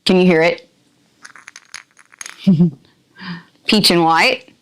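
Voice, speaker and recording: A woman's voice: lowish voice, extremely slow, fairly bright tone. A woman reviewing products on her channel, chatting to viewers in a playful, put-on rural drawl as she unboxes. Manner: talks to viewers while opening items.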